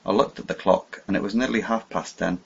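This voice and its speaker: Male audiobook narrator, lowish husky voice, measured dramatic delivery; muffled recording. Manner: measured, dramatic first-person reading. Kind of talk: scripted narration. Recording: dull lo-fi audio.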